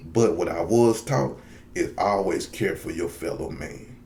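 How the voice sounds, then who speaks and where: Low-voiced guy doing heartfelt vlog talk, real earnest, says stuff twice to drive it home. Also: measured pace, vocal fry, a little mellow, a little hiss or hum. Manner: earnest, heartfelt, repeats lines for emphasis. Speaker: vlogger. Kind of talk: direct-to-camera commentary.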